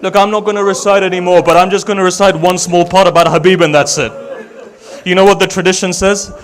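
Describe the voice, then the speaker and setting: A man's voice: high voice, steady tone, quick pace. A man delivering an emotional religious sermon, telling a story dramatically with rhetorical questions to his audience. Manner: dramatic storytelling, voice swinging from loud to hushed. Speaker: Shia religious speaker. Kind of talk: emotional majlis sermon narration.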